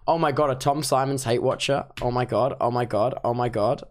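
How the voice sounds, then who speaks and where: A man's voice: mid-range voice, brisk, hardly any pauses. A sleep-deprived man streaming casually, reacting playfully and teasing his chat as he reviews unban requests. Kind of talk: casual livestream commentary.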